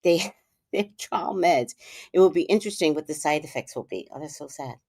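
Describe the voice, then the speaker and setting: A woman hosting a livestream, telling a story in a casual, animated way, with hushed asides and loud, profane outbursts. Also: low-pitched, normal speed, husky, no room sound, studio quality. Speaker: livestream host.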